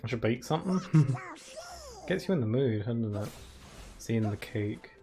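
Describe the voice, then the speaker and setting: Speaking unhurriedly in an expressive, medium-pitched voice, a man gives casual commentary while streaming a game. He's chatty and rambling, laughs often, and leans heavily on "like," with faint game music in the background.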